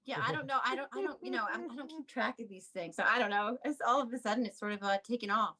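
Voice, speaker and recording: A woman's voice: a little high, quick pace, bright, forceful tone. A woman who is a guest comic, tossing out wry, crude quips in a casual comedy chat.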